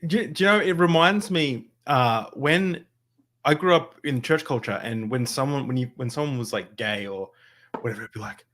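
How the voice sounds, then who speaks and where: A man hosting a podcast in casual chat, lively and quick, dropping low when quoting hushed talk. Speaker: podcast host.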